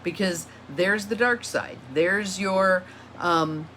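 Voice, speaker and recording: Woman coach, lower voice, casual solo teaching talk, repeats her questions, light background noise. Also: slow pace, sharp tone. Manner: reflective, reads questions aloud and repeats them. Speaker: empowerment coach.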